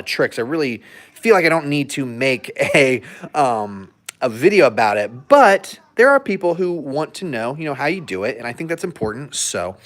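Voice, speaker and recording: With a medium-pitched, slightly bright voice, a man records a relaxed vlog from his hotel room with his dogs. He digresses freely, jokes and laughs frequently, and gives dog training advice along the way.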